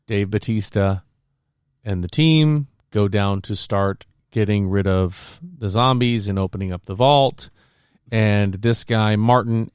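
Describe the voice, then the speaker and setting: Animated storytelling man, smooth dry voice. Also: on the low side, no echo. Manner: animated storyteller, acts out scenes. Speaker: podcast co-host. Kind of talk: casual chat.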